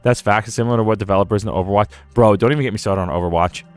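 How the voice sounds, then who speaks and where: A man's voice: fairly low pitch, rapid-fire, clean tone. Laughing, rambling male game streamer. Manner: rambling, laughs often, slips into silly quoted voices. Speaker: gaming streamer. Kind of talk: casual live-stream commentary.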